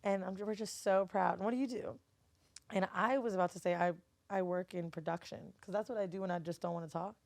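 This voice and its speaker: A woman's voice: medium pitch, steady tone, fast talker, gravelly, dry recording. A woman in a casual podcast chat, talking candidly and swearing freely, acting out her relatives' voices as she tells stories. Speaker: guest, studio owner and TV host.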